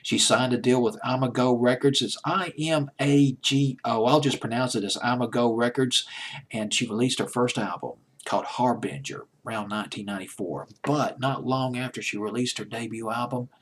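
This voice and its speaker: A man's voice: medium pitch, normal speed, slightly rough. A man hosting a home-made countdown show, talking casually and enthusiastically with asides and restarts. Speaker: countdown host. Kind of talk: casual radio-style countdown talk.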